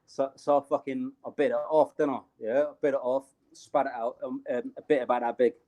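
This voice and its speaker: A man's voice: mid-range voice, flat delivery, brisk, dark tone. A young British man telling a street story in casual, slangy talk, laughing along the way. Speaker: interview guest.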